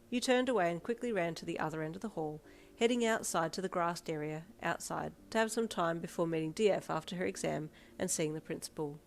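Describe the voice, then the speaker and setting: A woman narrates a second-person fanfiction in a steady, plain reading voice that sits a little low. Faint music plays behind her. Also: a little fast.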